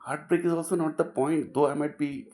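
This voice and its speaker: A man's voice: fairly high pitch, steady tone, a little fast. A middle-aged man, giving an impassioned philosophical talk full of repetition and rhetorical questions, dropping to near whispers at times. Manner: emphatic, repeats phrases, rhetorical questions, swings between loud and hushed. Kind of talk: impassioned monologue.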